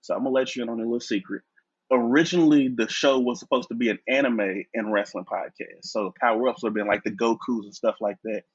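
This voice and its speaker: Husky, easygoing male podcast guest. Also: medium pitch, fairly even intonation, quick pace, no echo, muffled recording. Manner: easygoing, laughs often. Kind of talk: casual interview chat.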